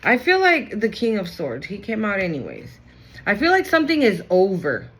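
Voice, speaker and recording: Chatty, animated woman reading tarot cards. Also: medium pitch, moderate pace, slight background noise. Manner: animated, chatty, swears freely, repeats "okay?" and "right?". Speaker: tarot reader. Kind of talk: casual tarot reading to the audience.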